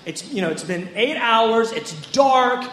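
High-voiced man preaching in echoey room. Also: lively intonation, a little slow, fairly bright tone. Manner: conversational, dramatizes scripture with acted-out quotes. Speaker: pastor. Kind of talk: sermon.

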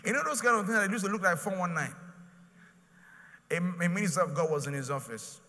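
A man's voice: sits high, expressive, a little fast, sharp tone, in a large hall, slight background noise. A man with a Nigerian accent preaching a sermon as a pastor, emphatic and repetitive, with pidgin phrases mixed in.

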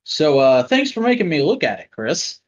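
A man hosting a casual podcast, talking loosely with plenty of swearing. His pitch swings widely and stays animated. The recording has a dull, lo-fi sound. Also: moderate pace. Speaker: podcast host.

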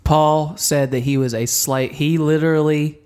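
A man's voice: on the high side, steady tone, a little slow, a little mellow, clear, resonant tone. A man co-hosting a podcast in casual chat, self-deprecating and reluctant to perform. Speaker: podcast co-host.

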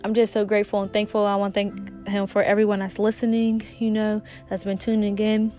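A woman's voice: mid-range voice, flat delivery, brisk, mellow, soft background music. A woman hosting a faith talk show, sounding a little sick and speaking earnestly and conversationally. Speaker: podcast host.

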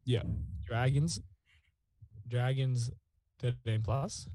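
A man's voice: medium pitch, drawn-out words, mellow, no room sound, low-quality recording. An Australian man co-hosting a podcast, joking and teasing his mate in casual banter. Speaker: podcast co-host. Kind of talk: casual chat.

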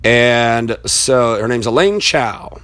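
A man's voice: medium pitch, expressive, slow pace, fairly bright tone. Heated, foul-mouthed man ranting. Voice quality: blunt and heated, swears freely. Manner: rambling aside while searching online. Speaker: political commentator. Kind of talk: profane political rant.

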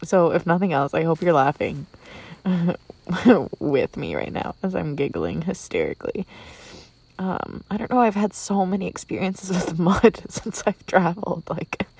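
A woman's voice: on the low side, expressive, a little slow, vocal fry, darkish tone, slight background noise. A young woman from Minnesota telling a casual, giggly vlog story, with lots of "like" and "um" fillers. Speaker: vlogger. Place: inside a tent outdoors at night. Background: crickets.

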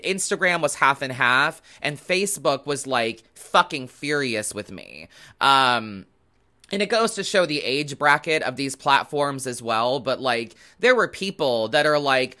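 Bright-voiced man ranting sarcastically. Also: fairly high pitch, normal speed. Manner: animated, profane, sarcastic. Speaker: tarot reader and podcast host. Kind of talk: casual ranting chat.

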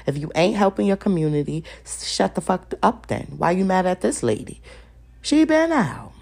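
A young woman with a gravelly, husky voice pitched a little low, ranting alone on her podcast. She curses freely, takes on her targets head-on and hammers her points by saying them twice. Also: very animated, normal speed, darkish tone. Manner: profane, confrontational, repeats lines for emphasis. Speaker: podcast host. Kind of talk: solo podcast rant.

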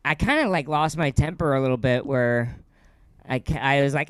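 Rambling comedian man, smooth dry voice. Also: medium pitch, dry recording. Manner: rambling, filler-heavy, quick laughs. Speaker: stand-up comedian. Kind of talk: casual chat, storytelling.

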